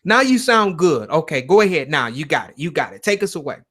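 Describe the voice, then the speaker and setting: A man's voice: on the high side, very animated, a little fast, pushed and bright. A man hosting a call-in show, chatting loosely and bluntly with callers over a shaky internet connection. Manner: loose, blunt, swears casually. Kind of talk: casual call-in chat.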